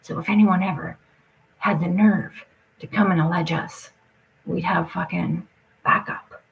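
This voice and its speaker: A woman's voice: lowish voice, steady tone, unhurried, gravelly, dull audio, slight background noise. A woman talking straight to her audience in an agitated, rambling rant, swearing often and jumping from point to point.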